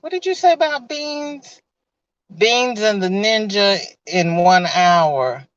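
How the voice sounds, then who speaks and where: A woman live streams casually from her car, chatting and laughing while she reads viewers' comments and greets them by name. Her medium-pitched voice is animated but slow, and the dry recording sounds dull and lo-fi.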